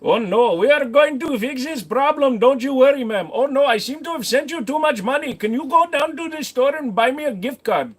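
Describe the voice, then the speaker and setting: A man putting on a high, pushy phone scammer. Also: expressive, brisk, hardly any pauses, breathy edge, exaggerated voice. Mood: wheedling. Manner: pleading, insistent, high-pitched. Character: pushy male phone scammer, wheedling, relentless.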